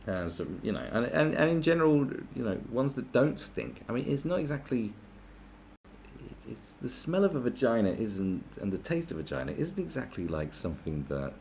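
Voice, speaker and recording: A man's voice: mid-range voice, big pitch swings, normal speed, vocal fry, a little mellow, slight background noise. A man on a podcast, ranting crudely and sarcastically with many restarts and mocking asides. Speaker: podcast host. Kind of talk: crude comedic rant.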